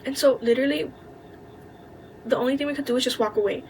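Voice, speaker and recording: A woman's voice: high-pitched, a little mellow, slight background noise, poor audio. Indignant young woman venting a story. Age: young adult. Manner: candid, frequent swearing, fast asides. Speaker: vlogger. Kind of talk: casual storytime chat.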